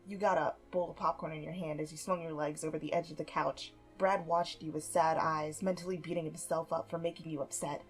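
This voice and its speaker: A woman reading fan fiction aloud in soft, even second-person narration. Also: deep voice, a little fast, few pauses, soft background music.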